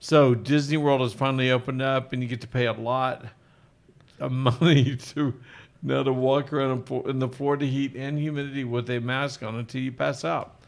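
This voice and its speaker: A man's voice: mid-range voice, little pitch movement, moderate pace, gravelly. A middle-aged male physician hosting a live Q&A, chatting casually and rambling with self-deprecating jokes. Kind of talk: casual live-stream chat.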